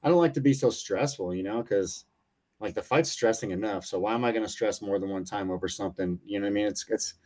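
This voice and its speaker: Brief: man in his thirties, low-voiced, rapid, profane storyteller, rambling with fillers. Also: a little mellow. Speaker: UFC lightweight fighter, interview guest. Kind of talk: casual storytelling interview. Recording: muffled lo-fi audio.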